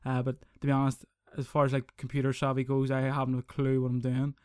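Sweary podcast host. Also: male voice, mid-range voice, fast, clear, resonant tone, dry recording, clean studio sound. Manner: sweary, rambling, animated. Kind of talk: casual solo podcast rant.

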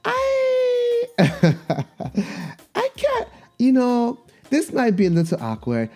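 A man voicing an awkward, blunt female office coworker with a high, halting, exaggerated put-on accent. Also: gravelly, darkish tone, full character voice.

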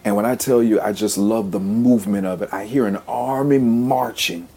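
A man's voice: fairly low pitch, normal speed, warm tone, breathy edge. A man preaching a motivational sermon, repeating phrases in a rhythmic, emphatic way and leading affirmations. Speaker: podcast host and preacher.

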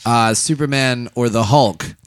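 A man's voice: medium pitch, measured pace, clear, resonant tone, no echo. A man co-hosting a comedy podcast, joking crudely and laughing often in casual banter. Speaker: podcast co-host.

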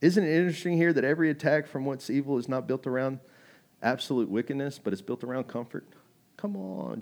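A man's voice: medium pitch, creaky, a little mellow. Male pastor, sermon, chatty delivery that turns emphatic. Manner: conversational preaching, acts out quoted voices, rising to emphatic.

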